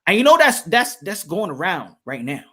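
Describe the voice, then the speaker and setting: Male live-stream host, high bright voice, playful chat with lots of repeats. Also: very animated, moderate pace. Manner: playful, joking, repeats himself. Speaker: boxing podcast host.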